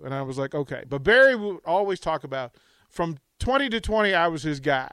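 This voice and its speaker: Higher-voiced guy on sports radio, gets worked up telling stories, dry studio sound. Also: fast talker, clear, resonant tone, no room sound. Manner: animated, excitable storyteller. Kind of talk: casual storytelling chat. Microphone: studio microphone.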